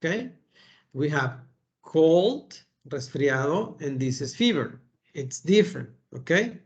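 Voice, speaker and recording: Slow, gravelly man teaching English. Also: on the high side, very animated, dull audio. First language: Spanish. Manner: slow, patient, repeats words and adds "okay?". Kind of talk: kids' vocabulary lesson.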